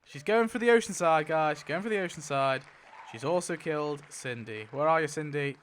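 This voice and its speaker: A young man commenting casually as he spins a wheel, excitable, laughing often and swearing. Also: a little high, brisk, slight background noise. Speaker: YouTuber spinning a wheel. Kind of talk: casual commentary while playing.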